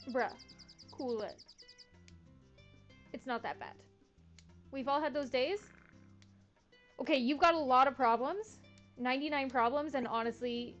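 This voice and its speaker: A woman's voice: high-pitched, dull audio. A young woman streaming a farming game, chatting in a laid-back, slangy, self-mocking way. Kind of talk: casual gameplay commentary.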